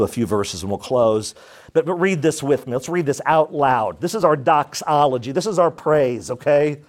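A man preaching a sermon to a church congregation, energetic and emphatic, calling for responses from the room. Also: mid-range voice. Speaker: pastor.

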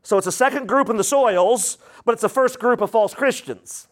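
A man with a high-pitched voice preaches a sermon. His delivery is emphatic and dramatic, and he acts out the voices of the people he quotes. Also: normal speed. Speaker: pastor.

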